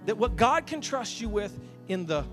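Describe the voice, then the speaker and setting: High-voiced animated male pastor preaching. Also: normal speed, music in the background. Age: 30s. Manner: animated, self-mocking, acts out dialogues. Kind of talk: sermon. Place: church stage.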